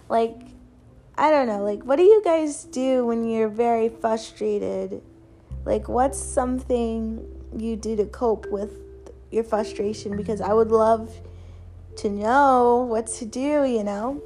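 A woman's voice: on the high side, takes it slowly, mellow, faint music behind. A woman in her early twenties hosting a casual solo podcast from her family home, talking in a rambling, self-deprecating way with lots of fillers. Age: 20s. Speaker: podcast host.

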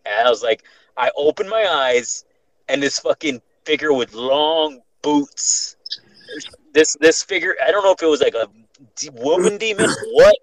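On a roughly recorded casual podcast, a young man tells a scary story at normal speed, his voice on the high side. He swears a lot, stays animated and keeps restarting.

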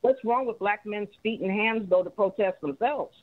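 A woman's voice: mid-range voice, moderate pace. A woman calling in to a talk show, insistently pressing her question. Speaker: caller. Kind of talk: call-in debate. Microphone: telephone. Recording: tinny phone line.

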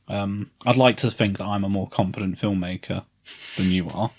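A man's voice: fairly low pitch, fairly even intonation, normal speed, slightly rough. A man co-hosting a casual film review chat, dropping wry jokey asides. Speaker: podcast co-host.

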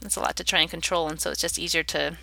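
A woman's voice: deep voice, steady tone, very fast, creaky, sharp tone. A woman in her thirties, an interview guest, telling a personal story in an earnest, reflective way.

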